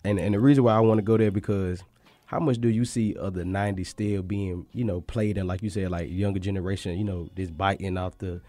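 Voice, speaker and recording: A man's voice: deep voice, fairly even intonation, fairly quick, warm tone, no echo. A young man co-hosting a casual interview, talking eagerly with stumbling starts. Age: young adult. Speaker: co-host.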